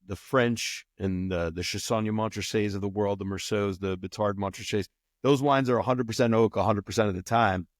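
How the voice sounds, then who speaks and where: A man hosts a relaxed interview with a fairly low voice. He asks his questions in an easygoing way. The recording is dry and close. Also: moderate pace, no echo. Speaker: host. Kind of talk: casual interview chat.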